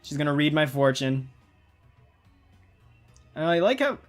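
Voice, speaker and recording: A man's voice: a little high, lively intonation, a little slow, pauses often, fairly bright tone. Chatty man rambling over gameplay. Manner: rambling, chatty, self-interrupting. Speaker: gaming channel host. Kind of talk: casual gameplay commentary. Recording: faint game music behind.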